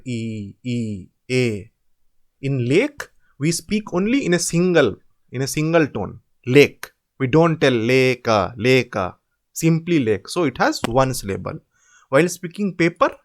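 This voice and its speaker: A man, tutoring students through assignment answers, slowly drawing out example words to demonstrate them. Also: on the high side. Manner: drawn-out demonstration words, repetitive. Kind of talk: informal screen-share explanation.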